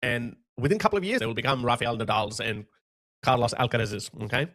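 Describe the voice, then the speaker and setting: Man, casual commentary, lively up-and-down delivery, mocking tone. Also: mid-range voice, fast talker. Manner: blunt, sarcastic, mocking. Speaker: political commentator. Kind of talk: casual commentary on video clips.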